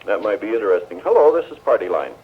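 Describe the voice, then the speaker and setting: A man's voice: on the low side, very animated, quick pace. A man hosting a live call-in radio show, jovial and soothing with his guests. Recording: tinny 1970s radio broadcast with faint hiss.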